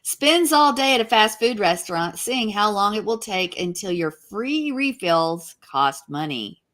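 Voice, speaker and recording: A woman's voice: medium pitch, animated, unhurried, fairly bright tone. A woman co-hosting a casual chat, with a dry, teasing way of reading out gags. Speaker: co-host.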